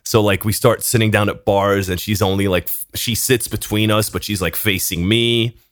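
A young man, a podcast co-host, telling an animated story in casual chat, swearing often and laughing between lines. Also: on the low side, normal speed, no room sound, clean studio sound.

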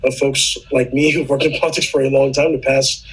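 A husky-voiced man talks through a political issue in a relaxed podcast chat. His pitch sits at an average level. He explains patiently, often backtracking to fix a word or restart a thought. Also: fairly quick, poor audio. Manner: earnest, explanatory, with frequent restarts. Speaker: podcast guest.

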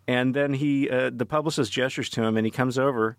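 A middle-aged man co-hosting a podcast, telling an animated story in casual chat. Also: mid-range voice, a little fast, no room sound, clean studio sound. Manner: animated storyteller, playful with puns. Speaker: podcast co-host.

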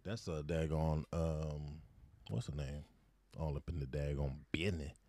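A man hosting a casual podcast chat, talking in an animated way and laughing often. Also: very deep voice, a little slow, no echo. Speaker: podcast host.

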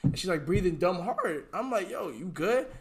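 A man's voice: high voice, big pitch swings, moderate pace. A young man, a podcast guest, telling a story in casual slang, keeps saying "bro" and breaks into laughing fits.

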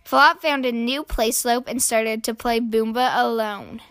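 A woman who hosts a children's channel, reading a picture book aloud slowly, clearly and gently. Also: a little high. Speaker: children's story reader. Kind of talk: storybook read-aloud.

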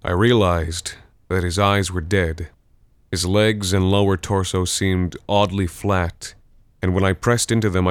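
A man narrating a first-person horror story in a measured, tense way. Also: low-pitched, smooth, dry recording.

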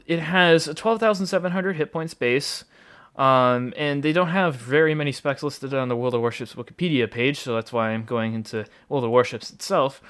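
A man's voice: on the high side, fairly bright tone. Chatty male podcast host, rambling. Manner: rambling and chatty, many fillers, jokey. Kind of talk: casual podcast monologue.

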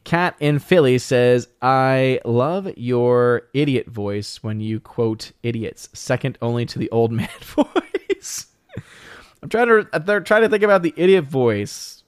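A man's voice: mid-range voice, smooth, dry recording, clean studio sound. A man hosting a live stream, reading out chat comments in casual talk, blunt and opinionated, often restarting his sentences. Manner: rambling, many restarts and fillers.

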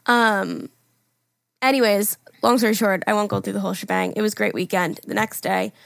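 A woman's voice: mid-range voice, lively intonation, fairly quick, creaky, a bit bright, no room sound. A young woman co-hosting a podcast, telling stories chattily, laughing and swearing often. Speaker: podcast co-host. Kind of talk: casual chat.

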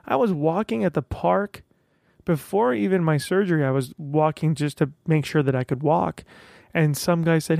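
A man hosts a podcast and talks on his own in a loose, animated way, slipping into the voices of people he quotes. His voice sits a little on the high side. The sound is dry and close, with no room echo. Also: moderate pace, creaky. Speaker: podcast host. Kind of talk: casual solo podcast monologue.

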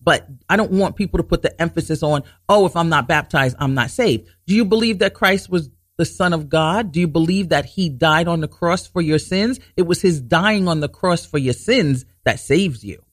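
A man hosting a Bible teaching talk show, explaining scripture earnestly, restarting sentences to stress his points and reading verses slowly. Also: a little high, dry recording, clean studio sound. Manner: reads scripture slowly and deliberately.

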